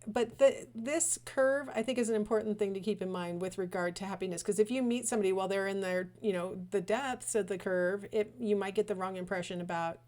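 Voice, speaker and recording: A woman's voice: mid-range voice, a little fast, few pauses, darkish tone. A middle-aged woman gives a recorded lecture. Her delivery is chatty and digressive, full of fillers and small personal asides.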